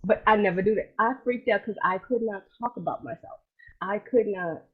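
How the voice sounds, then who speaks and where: Husky woman telling stories on a call. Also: mid-range voice, normal speed, phone-quality sound. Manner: animated storyteller, colloquial, laughs easily. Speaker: podcast co-host. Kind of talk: casual chat.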